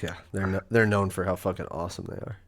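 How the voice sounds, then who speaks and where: A man's voice: low-pitched, steady tone, fast. A man co-hosting a casual podcast, joking crudely and laughing often. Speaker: podcast co-host. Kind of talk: casual chat.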